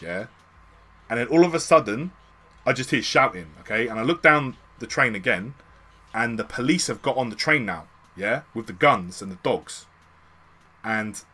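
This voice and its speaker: A man with a British accent, telling a story to his stream in a casual, slangy way with plenty of swearing. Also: mid-range voice. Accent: British English. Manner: slangy, swearing, animated retelling.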